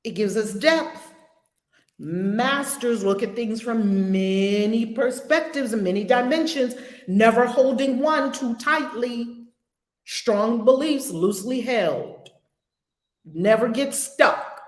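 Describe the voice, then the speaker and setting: Slow, emphatic woman teaching a spiritual lesson. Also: a little high. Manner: slow, emphatic, repeating phrases. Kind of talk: spiritual lesson with guided mantra. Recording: roomy echo.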